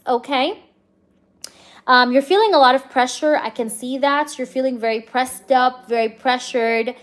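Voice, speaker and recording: A young woman giving a live-streamed tarot reading, chatty and reassuring, filling her talk with "um" and "okay?" checks. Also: a little high. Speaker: tarot reader.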